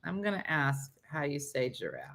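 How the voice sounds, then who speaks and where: A woman's voice: sits low, huge pitch swings, moderate pace, a bit bright. A middle-aged woman hosting a casual morning chat show, teasing her co-host and laughing often.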